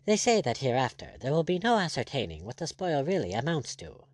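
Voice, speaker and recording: Bold, ironic buccaneer captain, blunt and firm; read by a male narrator. Animated, dry recording. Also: mid-range voice, brisk, dry recording.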